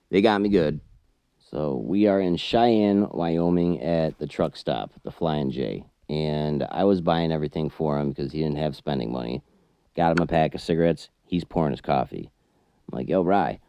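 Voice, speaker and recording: Very low male voice, dry close mic; blunt, profane trucker storyteller who gets loud. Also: dry recording. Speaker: trucker and chess channel host. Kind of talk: casual storytelling over a chess game.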